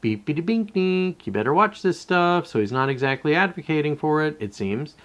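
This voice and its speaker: A man's voice: on the high side, animated, fairly quick, a bit bright, lo-fi sound. Rambling, profane man on a live stream. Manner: rambling and profane, with many self-interruptions. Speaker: livestreamer. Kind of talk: casual live-stream commentary.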